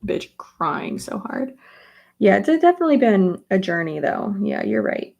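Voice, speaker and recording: A woman's voice: mid-range voice, very animated, unhurried, gravelly, a little mellow. A young woman chatting casually while getting ready, rambling with lots of fillers. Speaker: beauty vlogger. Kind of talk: casual get-ready-with-me chat.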